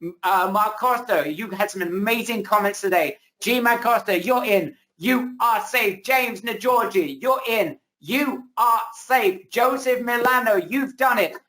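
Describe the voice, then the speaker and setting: A man hosting a webinar, giving a pushy, excited sales pitch over a video call while his voice is wearing out. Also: a little slow. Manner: hyped, pushy salesman hype. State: losing his voice. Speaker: webinar host. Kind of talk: hard-sell webinar pitch.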